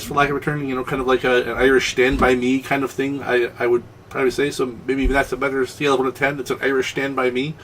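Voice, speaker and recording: A man's voice: medium pitch, a bit bright, far from the mic, a little hiss or hum. A man hosting a casual solo film review, rambling with many ums and restarts.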